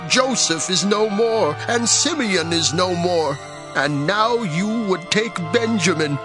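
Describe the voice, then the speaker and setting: An actor playing an aged, grieving father in a dramatized scripture reading, with a slow, sorrowful delivery. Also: sits high, animated. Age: older. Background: backing music.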